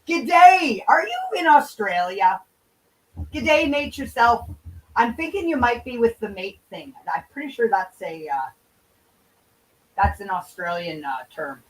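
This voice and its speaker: A woman's voice: mid-range voice, lively intonation, measured pace, recorded from a distance, rough recording. A woman hosting a livestream in casual chat, answering viewers' comments in a loose, profane, bantering way. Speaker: livestream host.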